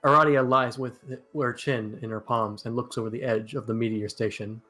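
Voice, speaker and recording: A man reads story narration aloud in a plain, steady way, now and then stumbling on a word. His pitch sits in the middle range. Faint music plays behind him. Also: normal speed. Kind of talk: casual reading of narration in a fan read-along.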